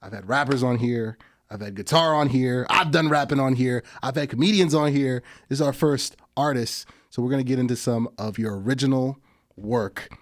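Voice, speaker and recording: A man's voice: mid-range voice, moderate pace. A man hosting a casual podcast chat, laughing often and repeating his words as he talks. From New Jersey. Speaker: podcast host.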